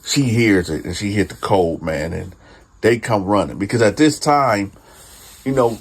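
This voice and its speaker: A man casually telling a true prison story in slangy, profane talk, calling his listeners "y'all.". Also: on the low side.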